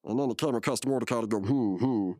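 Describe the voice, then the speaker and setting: Rambling casual podcast co-host. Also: male voice, mid-range voice, steady tone, racing, a little mellow, no room sound, studio quality. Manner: rambling, heavy on "like" and restarts. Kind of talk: casual episode recap.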